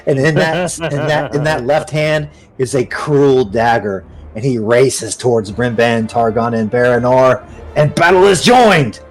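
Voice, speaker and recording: A man runs a tabletop fantasy game, narrating the action in an animated, descriptive way. He talks slowly at a middle pitch, and soft music plays underneath. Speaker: game master.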